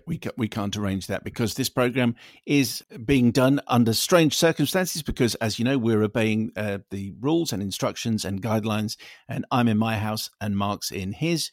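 Male podcast co-host, gravelly mid voice, dry teasing delivery, dead-dry home room. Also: mid-range voice, dry recording. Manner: dry, teasing, reads aloud deliberately. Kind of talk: casual chat and reading listener emails.

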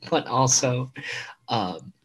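A man's voice: medium pitch, breathy edge. A man co-hosting a podcast, chatting casually with a friend, teasing and often trailing off mid-thought. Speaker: podcast co-host. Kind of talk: casual chat.

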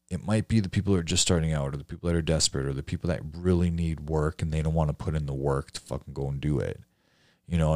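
Blunt, profane man with a deep voice. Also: no echo, studio quality. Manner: blunt, profane, rhetorical questions. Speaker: painting business coach. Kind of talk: casual rant to a class.

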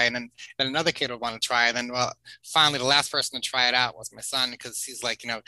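A man in his forties talks as a podcast guest, rambling through his stories with plenty of fillers and soft laughs. His voice is strikingly bright, and it sounds dry and close with no room around it. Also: mid-range voice, fast talker, no room sound, low-quality recording. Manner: rambling and chatty, with filler words and chuckles. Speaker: podcast guest, family video creator. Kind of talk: casual storytelling interview.

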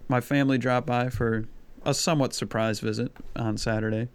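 Smooth-voiced man telling rambling stories. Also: mid-range voice, fairly even intonation, brisk. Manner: rambling, hesitant storytelling with many fillers. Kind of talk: casual chat.

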